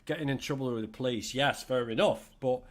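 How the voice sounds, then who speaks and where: Middle-aged man, from England, livestream host, chatty and animated, jokey asides. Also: mid-range voice, a little fast. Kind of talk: casual chat reading viewer comments.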